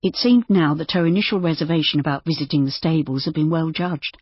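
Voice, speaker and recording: A woman audiobook narrator reading scripted narration in a steady, even storytelling manner. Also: deep voice, fairly quick, breathy edge, no room sound, dull audio.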